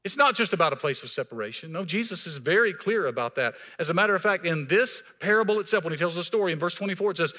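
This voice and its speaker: A man preaching a sermon in a church as pastor, emphatic, swinging between raised passages and hushed, quiet lines. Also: sits high, expressive, fast talker, few pauses.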